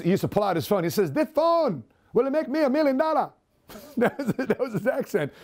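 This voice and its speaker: A man with a high, mellow voice delivering a motivational talk to camera. He speaks with energy and drives his points home with rapid-fire rhetorical questions, one after another.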